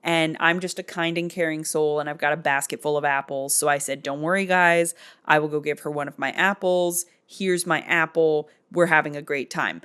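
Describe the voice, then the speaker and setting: A woman's voice: low voice, fairly even intonation, normal speed, fairly bright tone, clear, resonant tone. A woman voicing a scheming evil queen who puts on a mock-sweet, exaggerated kindness. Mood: fake sweet.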